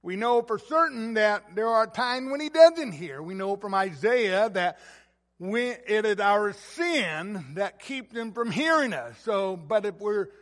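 A preacher delivering a sermon, emphatic, repeating key phrases and swelling louder on the points he stresses. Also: high voice, expressive, measured pace. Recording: long hall reverb.

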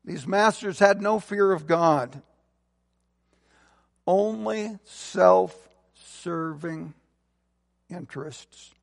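Speaking very slowly and pausing often, a pastor with a high, gravelly voice preaches in a large church hall whose long reverb follows his words. He drives up to forceful, emphatic peaks and then eases down into soft, low endings.

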